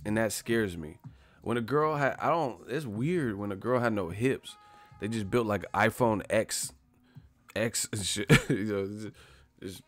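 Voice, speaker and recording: Slangy laughing man hosting a livestream. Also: lowish voice. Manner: laughs a lot, slangy, does mock voices of movie characters. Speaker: livestream host. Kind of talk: casual livestream chat.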